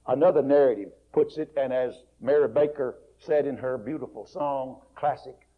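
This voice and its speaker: A male preacher retelling a story in a folksy, dramatic sermon, swinging between soft, quiet passages and loud, raised ones. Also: mid-range voice, normal speed, breathy edge. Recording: muffled lo-fi recording.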